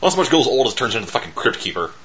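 A man's voice: mid-range voice, sing-song, very fast, a bit bright, lo-fi sound. A man casually riffing on a movie, jokey and profane, often laughing. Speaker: movie commentator.

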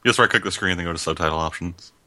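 A man hosting a casual movie commentary track, excitable and crude, laughing often. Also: low-pitched, very fast, dry recording. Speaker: podcast host.

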